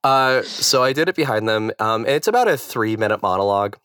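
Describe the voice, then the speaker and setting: A man in his thirties, a stage actor and guest, telling a story casually with lots of fillers and restarts in a naturally low voice. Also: expressive, brisk, very noisy. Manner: rambling, hesitant, many fillers and restarts.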